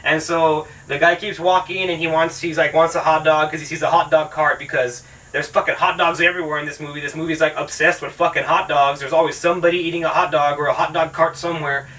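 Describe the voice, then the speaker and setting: A man's voice: on the high side, level tone, fast talker, few pauses, pushed and bright, far from the mic, low-quality recording. A man hosting his own channel, ranting through a sarcastic, profanity-heavy casual movie review. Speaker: film reviewer, channel host.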